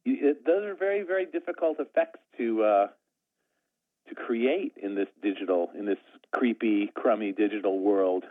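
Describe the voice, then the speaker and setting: A man's voice: lowish voice, moderate pace. A man talking as an interview guest in a rambling, self-deprecating way, full of restarts. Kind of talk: casual conversation. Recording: tinny phone line.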